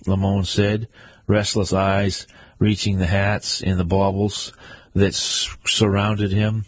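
Brief: male narrator, husky, steady audiobook read, dry. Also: fairly low pitch, takes it slowly, no echo.

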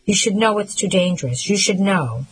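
A woman's voice: mid-range voice, expressive, normal speed, husky, rough recording. A woman voicing a troubled grown brother in an audiobook, who slurs and mumbles through his tears. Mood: confused. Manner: slurred, mumbling, tearful. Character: grieving troubled adult brother, slurred speech.

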